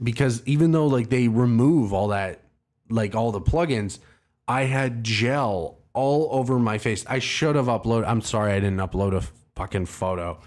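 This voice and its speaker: A man hosting a livestream, telling a long, rambling, profane and self-mocking story to his chat. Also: mid-range voice. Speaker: livestream host. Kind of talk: casual storytelling to a live chat.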